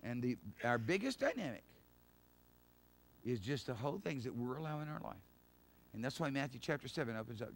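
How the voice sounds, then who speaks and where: A middle-aged male pastor giving a sermon in an emphatic, conversational way, with laughs and quick asides. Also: medium pitch, sing-song, gravelly.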